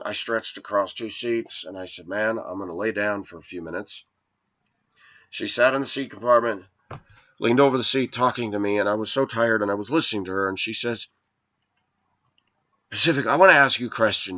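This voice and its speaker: Low-voiced man rambling through a grievance. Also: a bit bright. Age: 40s. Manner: earnest, aggrieved storytelling. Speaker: vlogger. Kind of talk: rambling personal monologue. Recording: dull lo-fi recording.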